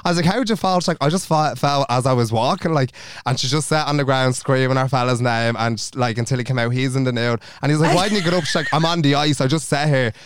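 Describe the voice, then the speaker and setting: Young Irish male podcast co-host, rapid animated storyteller, clean voice. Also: mid-range voice, clean tone. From Ireland. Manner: animated, swearing, acts out quotes. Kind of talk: casual chat, storytelling.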